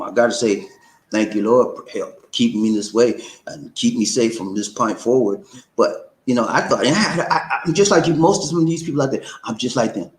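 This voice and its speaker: A man hosts a casual livestream in an echoey room. His pitch sits in the middle, and he talks loosely to his viewers. When he gets worked up, his voice leaps high and animated. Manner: animated, swings up high when excited, says "man" and "okay?". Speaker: livestream host.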